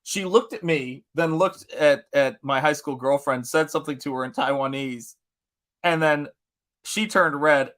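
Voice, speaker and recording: A man from Tennessee chats through a story on his live art stream. His voice sits a little high and comes across bright and forceful. He laughs often and swears freely as he talks. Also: unhurried. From Tennessee, USA. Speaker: artist hosting a live stream. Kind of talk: casual storytelling chat.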